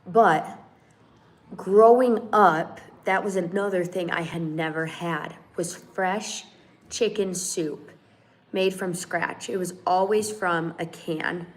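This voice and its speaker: A woman's voice: lowish voice, takes it slowly. A woman hosting a casual live stream at home, telling a story animatedly and acting out the dialogue. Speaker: channel host. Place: home in Mexico.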